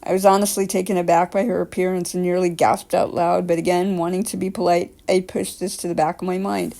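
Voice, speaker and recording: A woman around forty with a scratchy, raspy throat, reading creepy stories aloud with chatty asides. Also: lowish voice, level tone, a little fast, mellow. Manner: chatty asides, filler-laden. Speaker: story reader.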